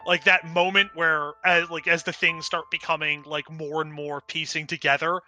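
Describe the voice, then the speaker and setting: A man talks through his character's actions in casual role-play, full of fillers. His voice is very bright and fairly high, with faint music behind. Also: little pitch movement, moderate pace, low-quality recording. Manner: filler-heavy, thinking aloud. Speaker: player.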